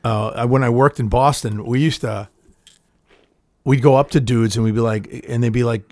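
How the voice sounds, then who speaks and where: A middle-aged man chatting casually as a co-host, telling stories haltingly with lots of fillers and swearing. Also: medium pitch, steady tone, darkish tone, no room sound, studio quality. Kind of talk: casual chat.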